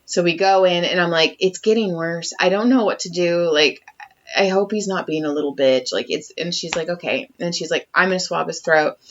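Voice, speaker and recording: A woman's voice: lowish voice, moderate pace, slight background noise. A woman co-hosting a podcast, telling a story in casual chat with lots of swearing and acted-out quotes. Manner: animated storytelling, acting out quotes, heavy swearing. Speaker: podcast co-host. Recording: dull lo-fi sound.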